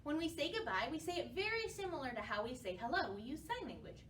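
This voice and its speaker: A woman, a children's librarian, leading a storytime for young children with bright, encouraging talk. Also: high voice, sing-song, fast, roomy sound, distant mic, slight background noise.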